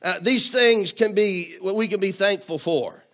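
Male preacher, high-pitched voice, call-and-response sermon style, repetitive and emphatic, church setting. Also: a little slow. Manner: call-and-response preaching, asks congregation to say amen; repetitive, emphatic, rising to louder declarations.

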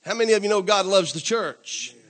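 A man with a notably high voice delivers a church sermon. He calls on the congregation for amens and repeats his points, swelling to emphatic declarations. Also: expressive, brisk. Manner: call-and-response preaching, asks congregation to say amen; repetitive, emphatic, rising to louder declarations. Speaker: preacher.

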